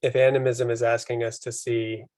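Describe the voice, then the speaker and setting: A man's voice: mid-range voice, level tone, normal speed, a little mellow, no echo. A man taking part in a group discussion, speaking tentatively and searching for words, over a video call. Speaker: participant.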